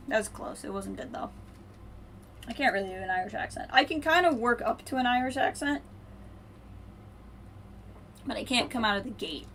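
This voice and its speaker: A woman streaming a video game, thinking aloud and muttering to herself, then brightly greeting her viewers. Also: on the high side, a little hiss or hum. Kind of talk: casual live-stream chat while playing.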